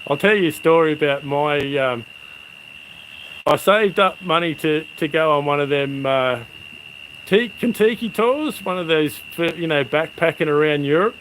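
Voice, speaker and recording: A middle-aged man with an Australian accent chats in a relaxed, matey way, rambling from one story to the next. His voice sits a touch high for a man. Crickets and insects chirp clearly behind him outdoors at night. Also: moderate pace, a little hiss or hum, low-quality recording. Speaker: livestream host. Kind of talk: casual chat with live viewers.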